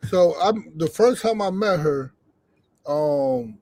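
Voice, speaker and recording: A man telling a boxing story on a call-in show in a casual, animated way, acting out the quotes and swearing freely. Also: high-pitched, slow pace, no echo.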